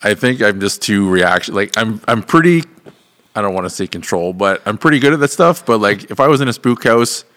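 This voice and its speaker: Man, podcast co-host, laid-back, swears, short reactions, lowish voice. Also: expressive, brisk, a bit bright. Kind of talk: casual chat.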